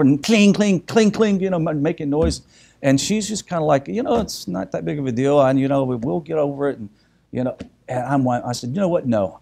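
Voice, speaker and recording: Dark-voiced man telling a lively family story. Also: medium pitch, vocal fry. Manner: animated storyteller, acts out voices, many restarts. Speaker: speaker teaching a group. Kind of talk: storytelling talk.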